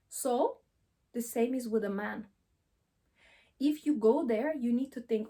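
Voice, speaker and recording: A woman's voice: a little high, animated, moderate pace, mellow. A woman relationship coach giving direct advice to camera, emphatic, repeating key phrases and asking rhetorical questions. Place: seated on camera.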